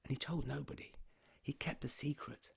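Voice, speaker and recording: A man telling a folk tale aloud, animated and swinging between loud and hushed delivery. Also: mid-range voice, moderate pace, creaky, breathy edge. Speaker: storyteller. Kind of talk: oral folk storytelling.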